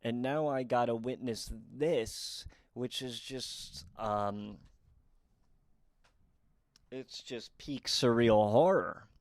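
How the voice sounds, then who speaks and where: A young man telling comic true stories in a quick, deadpan and wry way. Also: mid-range voice, no echo. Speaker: comedic storyteller. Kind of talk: storytime comedy monologue.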